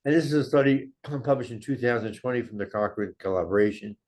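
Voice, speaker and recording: Older male lecturer, mid-pitched voice, steady and measured, presenting research slides. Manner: measured, walks through slides and study data. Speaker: medical lecturer.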